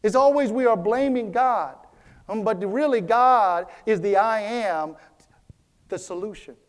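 A man preaches a sermon as a church pastor, repeating his key phrases and calling out for the congregation to respond. His voice is high and his pace unhurried.

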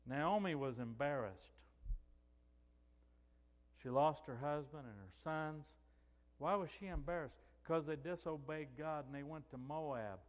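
A man's voice: on the high side, big-room sound. A man preaching a sermon as a pastor, telling stories and acting out the quoted dialogue. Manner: storytelling, acts out quoted dialogue.

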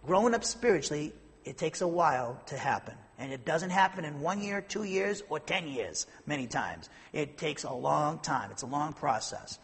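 A man's voice: on the high side, lively intonation, moderate pace, a bit bright, husky, big-room sound. A man preaching an expository sermon, emphatic, rising into rhetorical questions. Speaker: pastor.

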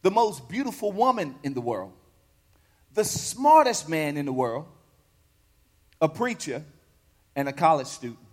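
A man's voice: a little high, very animated, a little slow, long pauses. A male pastor preaching a sermon, repeating phrases and rising to fervor. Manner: call-and-response preaching, repetitive, rising to fervor. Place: church sanctuary. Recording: long reverb of a large hall.

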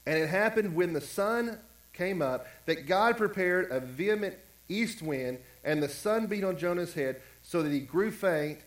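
A man's voice: high voice, expressive, measured pace. Man preaching in an echoey church. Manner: conversational preaching, acts out quotes, repeats phrases. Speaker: pastor. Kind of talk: sermon.

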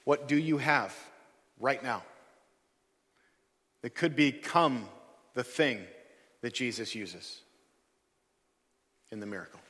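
A man's voice: medium pitch, lively intonation, slow, long pauses, fairly bright tone, husky. A man preaching a sermon as pastor, conversational, acting out the people he quotes. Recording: long hall reverb.

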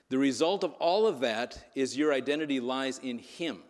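A man's voice: mid-range voice, animated, moderate pace, few pauses. Man preaching in a reverberant hall. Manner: conversational, frequent "right?" asides. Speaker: pastor. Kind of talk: sermon with storytelling.

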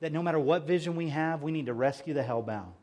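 High-voiced middle-aged male pastor preaching. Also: fast. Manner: emphatic preaching, swings between hushed and loud. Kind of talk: sermon.

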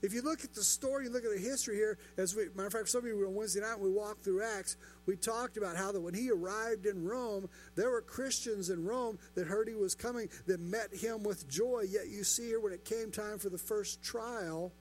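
A man's voice: high-pitched, fairly quick, hardly any pauses, slight background noise. A pastor preaching a sermon, building his points through rhetorical questions and repetition.

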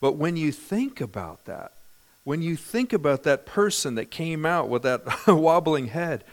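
A middle-aged man from California preaching a sermon, lively and humorous, often asking the congregation questions. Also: fairly high pitch, unhurried. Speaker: pastor.

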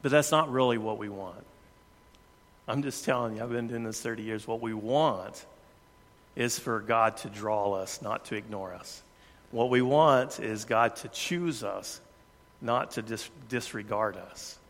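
Earnest preacher in an echoing hall. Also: male voice, fairly low pitch, measured pace. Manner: earnest, varies pace and loudness for emphasis. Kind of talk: sermon. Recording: long hall reverb.

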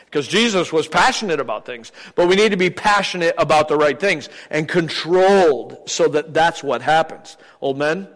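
An older man delivering a sermon, chatty and wry, acting out small stories as he goes. His voice sits a bit high for a man, and it hangs in the long reverb of a church hall. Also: fairly bright tone. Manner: humorous, conversational preaching with acted-out anecdotes. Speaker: visiting preacher. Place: church sanctuary.

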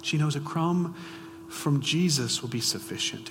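A man preaching a sermon, asking the audience frequent rhetorical questions and swinging between hushed and loud, emphatic delivery. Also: fairly high pitch, normal speed, noisy background. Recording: long reverb of a large hall.

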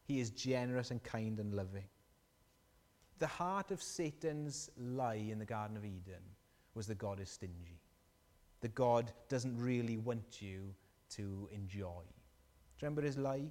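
A man preaching a sermon, animated and storytelling, asking the congregation questions. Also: fairly low pitch, measured pace, in a large hall.

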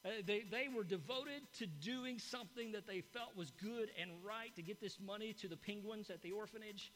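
A man's voice: high-pitched, normal speed, fairly bright tone. A man preaching a sermon, telling folksy stories and talking straight to the congregation. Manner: folksy storytelling, addresses the congregation. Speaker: pastor.

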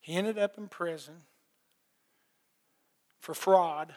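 A man's voice: high-pitched, slow pace, warm tone. A middle-aged man preaching a plainspoken sermon, telling his own story with folksy repeats and little laughs. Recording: long hall reverb.

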